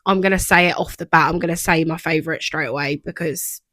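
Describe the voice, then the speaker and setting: A woman's voice: deep voice, fairly even intonation, fast, fairly bright tone, dry recording. A young woman co-hosting a podcast, chatting casually and rambling with lots of fillers. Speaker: podcast co-host. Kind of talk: casual chat.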